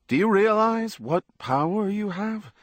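A man's voice: high-pitched, expressive, unhurried, dry recording, clean studio sound, pitched above the performer's own voice. A man voicing a sweaty, fawning male business agent with a panting, dog-like voice. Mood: eager.

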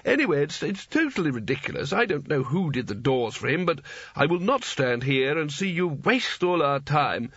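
A husky-voiced man voicing a prim, disapproving male wizard who talks in a slow, clipped, scolding way. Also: on the high side, sing-song, fairly bright tone, no echo, full character voice. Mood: indignant. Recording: dull lo-fi dry recording.

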